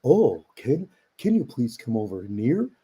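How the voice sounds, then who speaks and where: A man's voice: mid-range voice, big pitch swings, unhurried, dark tone, breathy edge, full character voice. A man voicing a prim British storybook narrator, reciting rhyming children's verse in a singsong way. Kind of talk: reading a children's book aloud.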